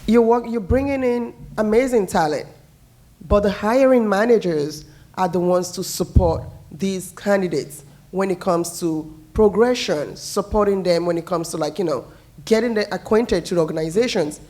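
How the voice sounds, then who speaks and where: A woman's voice: mid-range voice, normal speed, dark tone. A woman in the audience asking the panel a long, friendly question, addressing panelists by name. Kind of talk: question from the floor. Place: municipal building meeting room.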